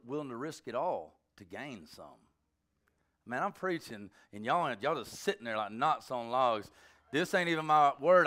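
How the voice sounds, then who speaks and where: A man's voice: on the high side, fairly bright tone. A man preaching a sermon in a loose, joking, conversational way, teasing his congregation between points. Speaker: pastor.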